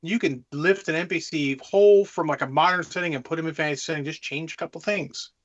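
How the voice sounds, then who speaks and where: Guy cohosting a gaming podcast, loose and animated, kinda high voice, dull lo-fi sound. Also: fast talker. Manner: loose, animated, swears casually. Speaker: podcast co-host, game master. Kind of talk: casual chat.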